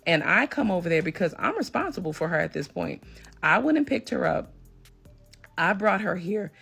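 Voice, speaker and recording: Gravelly woman recounting a story. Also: on the low side, moderate pace, soft background music. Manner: emphatic, animated when retelling a confrontation. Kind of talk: storytime recounting a personal drama.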